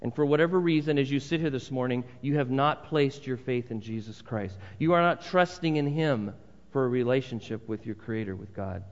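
A man's voice: mid-range voice, brisk. A male pastor preaching a sermon in a church, conversational with emphatic repeated phrases. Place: church sanctuary. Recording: long hall reverb, dull sound.

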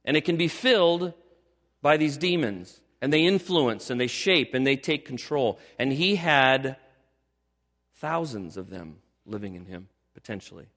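An older man, a pastor, preaching a sermon with animated storytelling that builds to emphatic exhortation. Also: mid-range voice, a little slow, in a large hall.

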